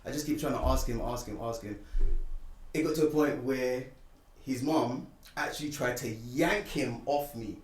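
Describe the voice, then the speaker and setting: On a podcast, a man casually tells a personal story, acting out what people said in an animated way. His voice sits at medium pitch and moves at a moderate pace. The mic is distant and the room echoes.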